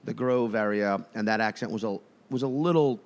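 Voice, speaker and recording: A man's voice: lowish voice, a little fast. A man co-hosting a comedy podcast, riffing playfully on silly tangents and swearing casually. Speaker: podcast co-host.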